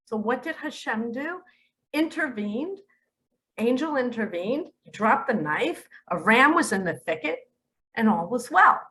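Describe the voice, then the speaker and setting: Slow, bright-voiced woman preaching. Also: on the high side, lively intonation, poor audio. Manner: slow, emphatic, with sudden loud and hushed turns. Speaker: spiritual speaker. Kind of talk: religious monologue to camera.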